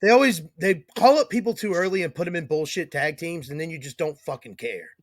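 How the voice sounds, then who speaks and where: Male podcast host, somewhat high voice, dry close sound, profane banter. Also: fairly quick, no room sound. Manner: profane, joking. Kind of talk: casual chat.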